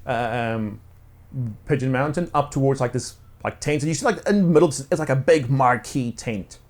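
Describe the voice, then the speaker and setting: Rambling New game master. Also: male voice, medium pitch, normal speed. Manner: casual, rambling, full of fillers. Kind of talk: narrating a tabletop role-play.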